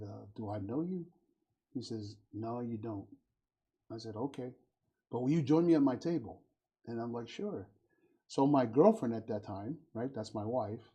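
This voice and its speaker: Middle-aged guy hosting a chat, husky mellow voice, tells stories and does the other people's lines. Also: medium pitch. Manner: warm storytelling, acts out quoted voices. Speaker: podcast host. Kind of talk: casual conversation.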